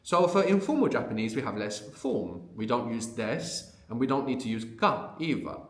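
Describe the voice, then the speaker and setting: A man's voice: medium pitch, animated, moderate pace, roomy sound. Male teacher explaining patiently. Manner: conversational, explains patiently, often adds a questioning "no?". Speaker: language teacher. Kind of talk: unscripted audio language lesson.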